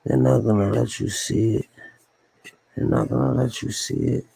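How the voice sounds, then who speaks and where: A man's voice: lowish voice, steady tone, moderate pace, gravelly, mellow, breathy edge, rough recording. A man talking to himself on a solo livestream, rambling and repeating his lines in a musing, conspiratorial way. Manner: repetitive, musing aloud, conspiratorial.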